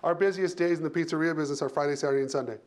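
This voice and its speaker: A man's voice: a little high, fairly even intonation, racing. A man working as an HR leader, speaking as a panel guest in short, emphatic phrases he often repeats.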